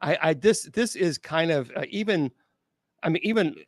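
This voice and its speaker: A man, a bishop and exorcist, telling a spooky true story at an open mic, halting with restarts and incredulous asides. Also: on the high side, expressive, no echo, clean studio sound. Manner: halting, with many restarts and fillers.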